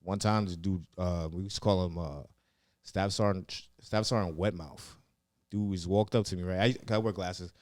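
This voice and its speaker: A young man with a very low voice tells loose, profanity-laced stories in a casual podcast chat, leaning on "like" and "yeah." The sound is close and dry, with no room around it. He talks in easy, meandering bursts. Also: steady tone, moderate pace, a little mellow, no echo. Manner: rambling, profane, heavy on "like" and "yeah". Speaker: comedian and former Marine recruit, podcast guest. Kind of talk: casual storytelling interview.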